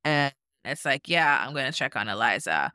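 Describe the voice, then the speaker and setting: A woman's voice: very deep voice, moderate pace, clean tone, no room sound, clean studio sound. A young woman co-hosting a podcast, telling a reality-show story in casual chat and acting out what people said. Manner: animated storytelling, acting out quotes with lots of "like". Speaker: podcast co-host.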